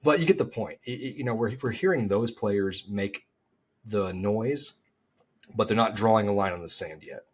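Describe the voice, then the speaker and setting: A man with a husky, slightly low voice talks golf on a podcast. He rambles in an animated way and often restarts his sentences. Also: moderate pace. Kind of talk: casual chat.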